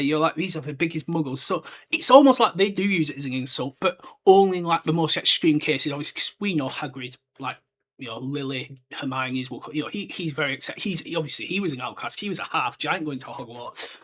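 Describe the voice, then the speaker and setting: A man's voice: a little high, expressive, brisk, bright, forceful tone. A man hosting a book podcast, rambling and chatty, with side remarks along the way. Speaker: podcast host. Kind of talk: casual chat, book discussion.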